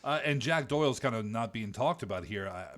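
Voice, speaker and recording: A man's voice: mid-range voice, lively intonation, brisk, fairly bright tone. A man hosting a casual fantasy football podcast, with a dry, wisecracking way of talking. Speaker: podcast host. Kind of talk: casual chat.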